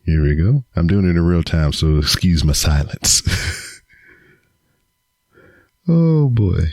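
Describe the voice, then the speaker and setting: This podcast host has a low voice with big pitch swings, a slow pace, and a slightly mellow quality. Talking to the camera in his home setup, he curses through a joking roast in a casual solo segment, captured dry and at studio quality by the camera mic.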